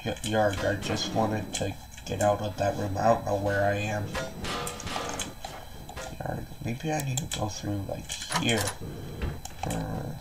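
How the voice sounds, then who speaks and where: A man's voice: on the low side, expressive, slow pace, creaky, long pauses, music in the background, full character voice. A man voicing a lost male animatronic pirate fox in a casual game role-play, stammering and adding a pirate growl to his lines. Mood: anxious.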